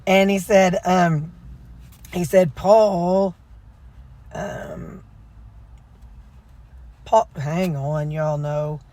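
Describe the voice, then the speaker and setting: A woman's voice: lowish voice, fairly even intonation, extremely slow, long pauses, warm tone. A woman vlogger in a car, casually retelling a sermon in a rambling way, full of fillers and self-corrections. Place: inside a car.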